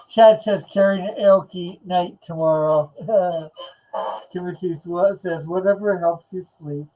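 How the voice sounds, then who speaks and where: Slow, easygoing male stream host. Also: high voice, dark tone, low-quality recording. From Canada. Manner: slow, laid-back and chuckling, reading chat aloud. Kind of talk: late-night live stream chat.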